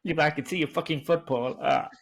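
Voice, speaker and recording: A man's voice: a little high, fast talker, a little hiss or hum. A man co-hosting a podcast in casual chat, jokey and sweary as he tells stories. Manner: animated, jokey, sweary storytelling. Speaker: podcast co-host.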